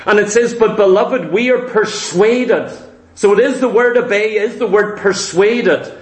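A man's voice: high voice, roomy sound. A man preaching a sermon, speaking earnestly and with emphasis to his congregation.

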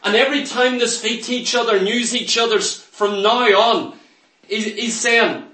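A man preaches with a high, bright, ringing voice, emphatic and full of storytelling. He sounds set back from the mic, and a big, echoing room carries his words. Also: normal speed. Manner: emphatic, storytelling, acts out quoted lines. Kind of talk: sermon. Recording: roomy echo, from far off the mic.

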